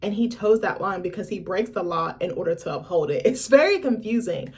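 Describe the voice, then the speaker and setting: A woman's voice: on the low side, fairly quick. Chatty, profane woman vlogger. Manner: chatty, blunt and profane, lively asides. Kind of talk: casual chat to camera.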